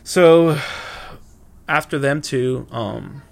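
A young man with a gravelly, creaky voice at an ordinary middle pitch, hosting his own podcast. He rambles through casual stories, swearing and stopping to correct himself. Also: extremely slow. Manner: rambling, loose and profane, many fillers and self-corrections. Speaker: podcast host. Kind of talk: casual solo storytelling.

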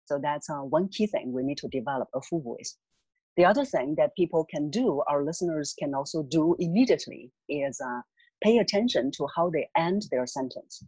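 A voice coach calmly and patiently explaining voice techniques as an interview guest. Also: mid-range voice, fairly quick, slightly rough, no room sound, low-quality recording. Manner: calm, patient, instructive.

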